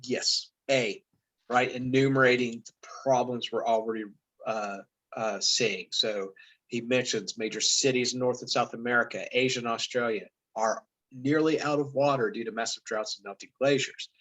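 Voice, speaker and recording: A man's voice: medium pitch, steady tone, normal speed, fairly bright tone, poor audio. A man teaching a language arts lesson in a loose, chatty way, with many fillers and self-corrections as he explains. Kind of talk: casual classroom lesson.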